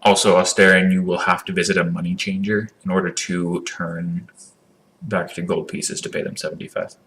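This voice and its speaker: A deep-voiced man runs a tabletop game over an online voice call. His tone is bright and forward as he keeps track of details between laughs. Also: moderate pace, a little hiss or hum. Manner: relaxed, laughs often, checks details. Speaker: game master. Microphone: computer mic over online voice call.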